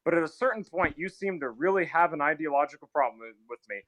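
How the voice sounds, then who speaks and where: A man with a high, bright, edgy voice rants fast and furiously, hurling profanity and then dropping suddenly quiet. The sound is close and dry, with no room around it. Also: animated, no echo, low-quality recording. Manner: aggressive, profane, ranting with sudden drops to quiet. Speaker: guest on a live call-in stream. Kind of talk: heated live-stream argument.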